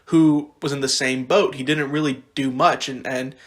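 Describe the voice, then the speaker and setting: A young man co-hosting a podcast, chatting casually in an animated way, rambling with frequent restarts. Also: medium pitch, moderate pace. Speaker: podcast co-host. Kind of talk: casual chat.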